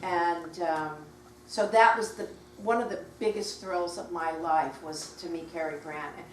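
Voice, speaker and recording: An older woman tells stories to a bookshop audience, animated and quick to slip into other people's voices. She is picked up from a distance in a roomy space with a faint hiss underneath. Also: on the low side. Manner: animated, acts out quoted voices, laughs while telling. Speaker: guest author at a book talk. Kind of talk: anecdotal storytelling to a live audience. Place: bookshop event room.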